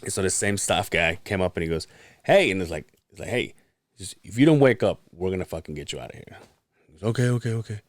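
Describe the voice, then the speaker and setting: A man with a fairly low voice tells a rambling, profane story on a podcast and acts out each person's lines. The sound is dry and close, with no room in it. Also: fast, dry recording. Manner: profane, animated storytelling with acted-out quotes. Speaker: podcast co-host. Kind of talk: casual storytelling chat.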